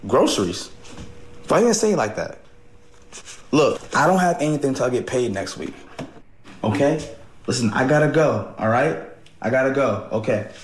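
An actor playing a smooth-talking evasive young man. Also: expressive, moderate pace, long pauses, roomy sound, a little hiss or hum, natural voice. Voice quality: slangy and smooth, low and coaxing with a lover. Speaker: young father dodging responsibility.

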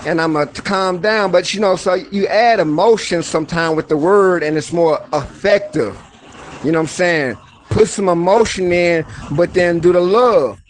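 A man with a high voice delivers a profane, preachy motivational rant straight to his audience. He drifts between low, mumbled musing and loud, emphatic exhortation. A faint ambient hum sits under the recording. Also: normal speed. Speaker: video creator.

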